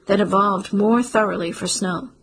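A woman reading as an earnest male wildlife biologist in an audiobook, explaining his field work plainly. The voice stays close to her own, soft and husky with plenty of breath. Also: medium pitch, normal speed, poor audio.

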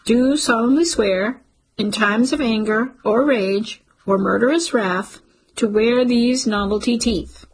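A woman reading the part of a calm, businesslike man who makes deadpan jokes, with a raspy voice. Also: a little high, takes it slowly, exaggerated voice. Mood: mock solemn. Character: calm, joking stepfather type, grown man.

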